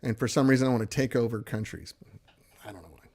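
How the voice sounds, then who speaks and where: A man's voice: medium pitch, steady tone, fast talker, darkish tone. A man hosting a casual livestream, rambling and laughing as he reads viewer comments aloud. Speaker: livestream host and guitarist.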